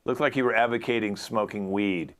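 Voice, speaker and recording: A man's voice: fairly low pitch, steady tone, fairly quick, a bit bright. A man hosting an improv game as a brusque, dismissive casting director, over a video call. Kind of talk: improvised comedy scene.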